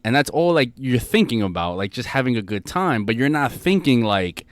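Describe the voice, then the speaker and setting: A man's voice: mid-range voice, sing-song, moderate pace, no room sound, clean studio sound. Rambling New man in his twenties. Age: 20s. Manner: rambling, restarts sentences, lots of filler. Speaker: podcast co-host. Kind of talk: casual chat.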